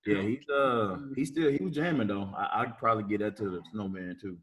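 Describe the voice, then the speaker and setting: A man co-hosting a podcast, talking reflectively in casual banter, his voice dropping softer at the ends. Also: lowish voice, fairly quick, lo-fi sound. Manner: reflective, drops quiet at ends. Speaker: podcast co-host.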